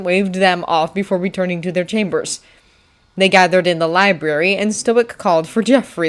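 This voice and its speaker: A woman narrating a fanfiction audiobook with a steady, expressive reading. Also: lowish voice. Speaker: audiobook reader.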